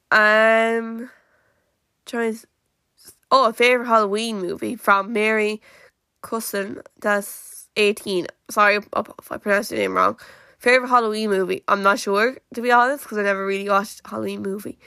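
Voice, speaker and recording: An Irish woman talks casually to her podcast listeners, wandering from thought to thought with constant fillers and restarts. Her voice is bright and clear. It sits dry and close, with no room sound around it. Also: mid-range voice, dry recording. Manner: rambling, full of "like" fillers and restarts. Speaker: podcast host. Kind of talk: casual live-stream podcast chat.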